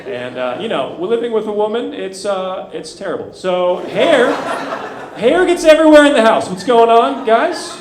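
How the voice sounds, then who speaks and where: A man of thirty doing a stand-up comedy set, swinging between loud outbursts and low muttered asides. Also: sing-song, normal speed, crowd noise. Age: 30s. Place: comedy club stage. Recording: echoey club with loud room noise.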